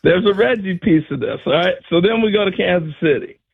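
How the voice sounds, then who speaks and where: A husky, fairly high-pitched older man telling stories from his playing days with lively energy. He acts out the lines of the people in his tales. The sound is muffled, as from a radio broadcast. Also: brisk. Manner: animated storyteller acting out quotes. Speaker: former player turned radio analyst. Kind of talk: storytelling on a sports radio show.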